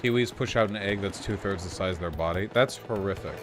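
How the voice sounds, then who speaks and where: A man's voice: low voice, brisk, over music. A man streaming a game, giving casual let's-play commentary in a sarcastic, profane way and reacting to chat.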